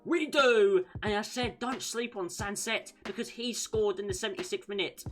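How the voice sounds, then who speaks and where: A young man commentating his own football video game play, calling each move and breaking into shouts when goals go in. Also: high-pitched, steady tone, normal speed, background noise. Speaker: gaming YouTuber.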